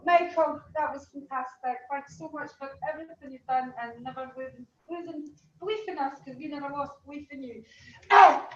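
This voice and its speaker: A woman's voice: high-pitched, a little fast. A Scottish woman hosting an awards event, chatty and getting choked up as she speaks. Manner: chatty, warm-hearted, gets choked up. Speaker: event host. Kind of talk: emotional award speech. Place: hot function room. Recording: echoey room, distant dull mic.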